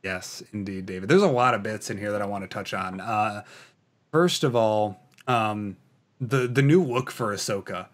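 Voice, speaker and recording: A Canadian podcast host with a low voice rambles at a normal speed in a casual chat, reading viewer comments. He's full of fillers and enthusiastic fan talk.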